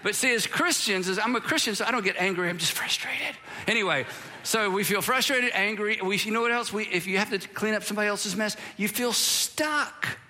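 A man's voice: sits high, fairly quick, sharp tone. A man preaching a sermon as pastor in a conversational, emphatic way, with self-deprecating asides and repeated phrases for emphasis. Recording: long hall reverb.

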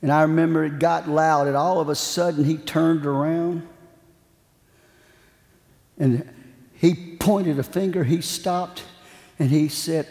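Slow, fervent preacher in an echoing hall. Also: male voice, fairly high pitch, fairly even intonation, vocal fry, darkish tone. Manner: storytelling that builds to fervent preaching. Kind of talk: sermon. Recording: echoey hall with long reverb.

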